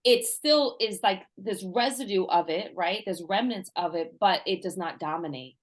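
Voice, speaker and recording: A woman in her forties tells a personal story as a guest in a casual interview. She is lively and laughs often, and she slips into the voices of the people she quotes. Her pitch sits in a middle range. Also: moderate pace. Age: 40s. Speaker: guest, transformational coach.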